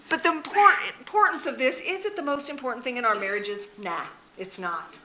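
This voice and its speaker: A middle-aged woman speaking at a church marriage seminar. She tells animated stories and often laughs. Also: high voice, measured pace, lo-fi sound, very noisy. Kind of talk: storytelling marriage seminar talk. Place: church hall. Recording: echoey church room.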